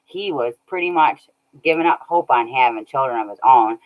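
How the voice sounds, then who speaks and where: A woman's voice: a bass voice, animated, moderate pace. A woman chatting casually on a livestream, laughing often and thanking viewers by name. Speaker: streamer reading chat. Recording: dull lo-fi audio.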